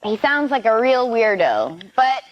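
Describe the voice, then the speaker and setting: Deadpan female comedian panelist. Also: on the high side, measured pace. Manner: sweetly deadpan, shocking punchlines delivered flatly. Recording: slightly dull lo-fi TV audio, faint hiss.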